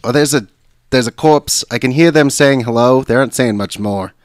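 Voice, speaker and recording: A man's voice: medium pitch, moderate pace, no echo. Joking, swearing man playing a tabletop game. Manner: swearing, joking, riffing rhymes. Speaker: player.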